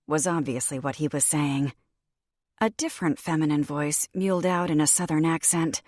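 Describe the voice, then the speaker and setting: A woman narrating a fantasy audiobook in the first person, in a measured, even reading. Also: low voice, no room sound, studio quality. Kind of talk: scripted narration.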